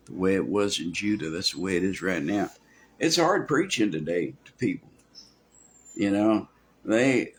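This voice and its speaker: Low-voiced guy preaching, folksy, does little voices for quotes, lots of restarts. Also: a little hiss or hum. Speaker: pastor. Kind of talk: expository sermon.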